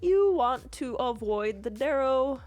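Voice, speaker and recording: A woman's voice: sits high, lively intonation, slow, darkish tone, dry recording, faint music behind. A woman running a tabletop game as game master, narrating in a chatty, filler-heavy way.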